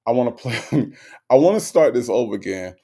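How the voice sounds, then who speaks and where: Guy with a gravelly voice doing playful live stream commentary, reads chat out loud. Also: medium pitch, lively intonation, a little fast.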